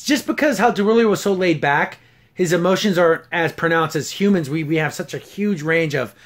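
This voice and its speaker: A man with a notably high voice chats through an episode review. He's animated and often laughs while he retells the funny scenes. It's a casual, friendly back-and-forth with a co-host. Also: a little fast. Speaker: show reviewer.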